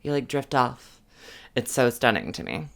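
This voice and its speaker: A woman's voice: a bass voice, very animated, moderate pace, gravelly. A woman co-hosting a podcast in casual chat, gushing and effusive, full of slang. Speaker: podcast co-host.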